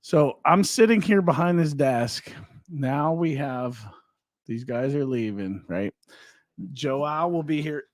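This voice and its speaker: A man hosting a podcast from a studio desk, chatting and joking in a playful, animated way. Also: a little high, slow, no echo. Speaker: podcast host. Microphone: desk microphone.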